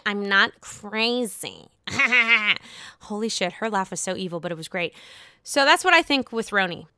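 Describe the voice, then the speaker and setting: A woman's voice: on the high side, bright, forceful tone, smooth, no echo, clean studio sound. A young woman hosting a podcast, recapping reality TV in a blunt, profane and sarcastic way. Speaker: podcast host.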